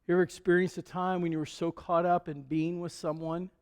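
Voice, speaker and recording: A male pastor preaching a sermon in a relaxed, conversational storytelling way. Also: sits high, brisk, clear, resonant tone. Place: church sanctuary. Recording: long church hall reverb.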